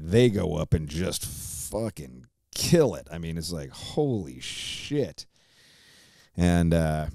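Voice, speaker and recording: Deep-voiced man telling a rambling story. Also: dark tone, no echo, clean studio sound. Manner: profane, rambling, lots of fillers. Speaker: podcast host. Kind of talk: casual storytelling.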